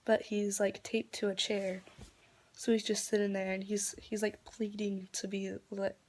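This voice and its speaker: A woman talks straight to her camera at a slow, unhurried pace, her pitch staying flat and even. She is subdued and disgusted as she retells events. At times her voice sinks to a soft half-whisper. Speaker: vlogger. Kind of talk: reaction commentary.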